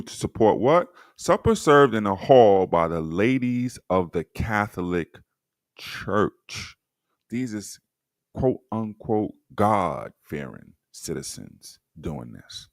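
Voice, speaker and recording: Speaking straight to his viewers, a low-voiced male livestream host reads old documents aloud and keeps pausing for sardonic remarks as history commentary. He talks slowly and without hurry while his pitch swings widely. The audio is close and dry, with no echo.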